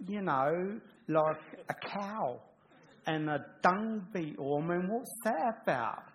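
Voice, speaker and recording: Man putting on a blokey prophet, exasperated and matey, drawn-out slow delivery, a bit higher than his usual voice. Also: animated, slight background noise.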